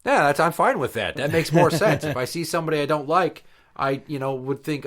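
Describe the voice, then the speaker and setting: A man's voice: a little high, expressive, fairly quick, fairly bright tone. A man co-hosting a podcast, trading crude jokes and childhood stories in casual chat and acting out the other people in them. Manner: profane storyteller, acts out voices mid-story. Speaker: podcast co-host.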